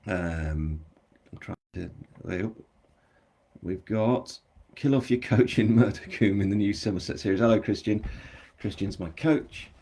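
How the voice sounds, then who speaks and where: A man's voice: lowish voice, fairly even intonation, unhurried, gravelly, mellow. An English man with a general English accent, an author chatting casually on a live stream, rambling and self-deprecating as he answers viewer comments. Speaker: author hosting his book launch.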